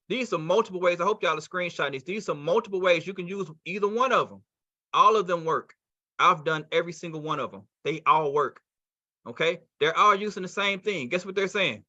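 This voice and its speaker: A man's voice: a little high, expressive, brisk, bright, forceful tone, no room sound, highs cut off. A man running a live sales training call, acting out both sides of phone invitations. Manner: coaching, acts out both sides of calls.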